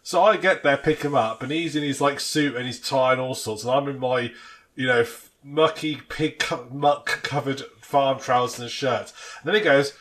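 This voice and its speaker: A man's voice: medium pitch, moderate pace, a bit bright. A man, co-hosting a casual podcast chat and rambling through self-mocking stories. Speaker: podcast co-host. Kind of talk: casual banter.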